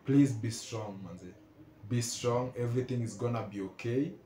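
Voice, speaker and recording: Kenyan guy reacting to a video, earnest, keeps repeating himself, mid pitch. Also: normal speed, mellow, reverberant. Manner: earnest, repeats pleas over and over. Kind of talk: emotional reaction commentary.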